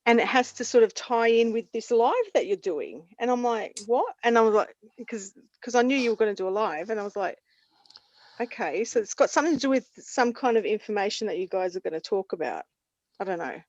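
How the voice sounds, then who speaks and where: A woman's voice: mid-range voice, brisk. A woman chatting casually on a video call, telling stories with lots of laughter. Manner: laughs often, animated storytelling. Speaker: guest. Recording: dull, dry video call audio.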